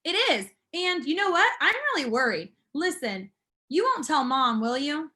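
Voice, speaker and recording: A woman's voice: high voice, big pitch swings, moderate pace, sharp tone, full character voice. A woman reading aloud as a frustrated teenage boy who is fed up with school, speaking earnestly and with emphasis.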